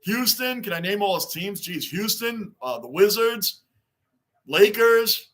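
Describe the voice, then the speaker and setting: A man's voice: high-pitched, animated, unhurried, a bit bright. A man hosting a casual sports livestream, chatting loosely, greeting viewers by name and repeating his points. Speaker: livestream host reading fan chat.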